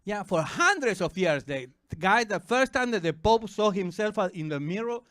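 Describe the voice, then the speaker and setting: Animated Argentine man doing stand-up. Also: normal speed, no room sound, studio quality. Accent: Argentine Spanish. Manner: animated, jumps into shrieking high silly voices. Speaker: stand-up comedian. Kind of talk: stand-up comedy set. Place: comedy club stage.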